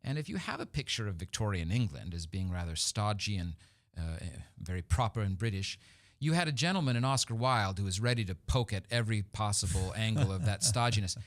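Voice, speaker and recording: A man, a theater company guest on a radio show, talking chattily with many pauses, fillers and laughs. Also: on the low side, lively intonation. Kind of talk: casual interview chat.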